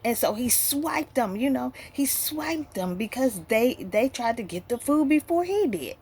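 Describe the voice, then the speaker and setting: A woman's voice: high voice, expressive, unhurried, a little mellow, breathy edge, voice pushed up, heavily acted. A woman voicing an indignant young man who mocks idols, in an earnest, explaining way. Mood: sly explaining.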